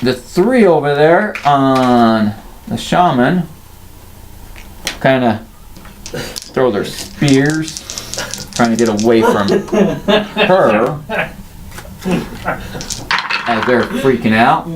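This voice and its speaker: A man narrating as dungeon master, describing combat in quick bursts with sudden jumps in pitch. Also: expressive, background noise. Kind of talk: narrating a tabletop game.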